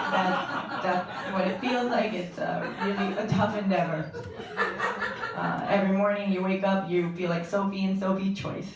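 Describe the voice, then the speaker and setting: A young woman performs stand-up, telling jokes in a deadpan way and turning to the crowd with quick asides. Her voice sits in the middle of the range for a woman. It comes from far off in a very reverberant club, with clear crowd noise behind it. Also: medium pitch. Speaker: stand-up comedian. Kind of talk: stand-up comedy set. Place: comedy club stage. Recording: echoey room from a distance, audience laughter.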